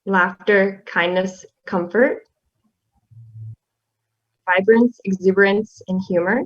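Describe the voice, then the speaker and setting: A young woman, a class representative, reading a tribute poem in a soft-spoken, halting way with fillers. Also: mid-range voice, steady tone. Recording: slightly dull lo-fi audio.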